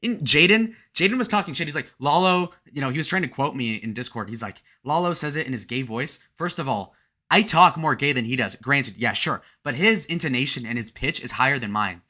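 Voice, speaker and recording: Bright-voiced man reading his livestream chat. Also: medium pitch, brisk. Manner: crude, joking, bursts into loud excited shout-outs. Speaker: livestream host.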